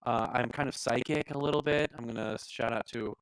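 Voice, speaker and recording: A man's voice: mid-range voice, fairly even intonation, a little fast, smooth, no echo, rough recording. A young man co-hosting a live stream, talking in a playful, self-mocking way. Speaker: co-host. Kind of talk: casual live-stream chat.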